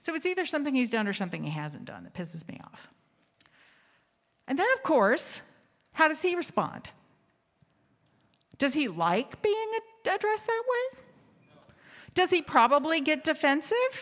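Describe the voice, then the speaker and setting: A woman's voice: sits high, wildly swooping pitch, a little slow, pauses often, a bit bright. A woman hosting an assembly, telling a candid, funny story to a live audience and asking them questions. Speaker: assembly host. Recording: reverberant hall.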